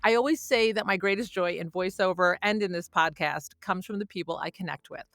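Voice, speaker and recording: A woman's voice: on the low side, fairly quick, fairly bright tone, dry recording, studio quality. A woman hosting a podcast interview, bubbly and laughing often. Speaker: podcast host.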